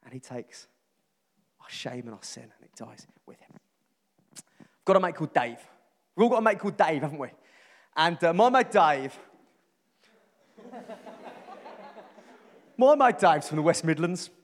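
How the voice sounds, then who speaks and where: A man with a Birmingham accent preaching a sermon, telling a funny story about a friend with animated, self-mocking delivery. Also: fairly high pitch, measured pace, long pauses, in a large hall. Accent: Birmingham English.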